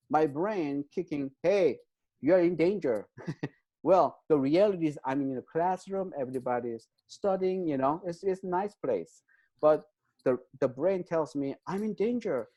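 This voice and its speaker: Mellow-voiced man explaining with halting fillers. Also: fairly high pitch. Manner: hesitant, many fillers, checks in with "right?"; non-native English phrasing. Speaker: guest expert on trauma. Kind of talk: explanatory interview talk.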